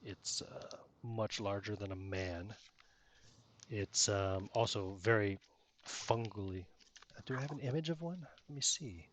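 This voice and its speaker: A man's voice: lowish voice, unhurried, fairly bright tone, a little hiss or hum. A man running a tabletop game as game master, narrating casually and rambling with many fillers.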